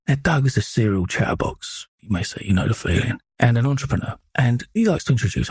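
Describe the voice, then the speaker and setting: A man's voice: fairly low pitch, creaky, a little mellow, slightly rough, no echo, studio quality. A man telling his own story off the cuff, blunt and profane, often stopping to correct himself. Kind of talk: unscripted storytelling monologue.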